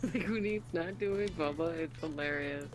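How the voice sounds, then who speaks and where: A man's voice: on the high side, moderate pace, music in the background. A man in casual chat during a game, amused and laughing along. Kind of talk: casual group chat while gaming.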